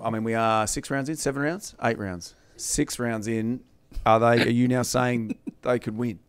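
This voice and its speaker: A man's voice: medium pitch, fairly even intonation, moderate pace, clean tone. A man hosting a casual chat show, upbeat, moving the talk along and reading out scores. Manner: upbeat, running the segment. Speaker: show host.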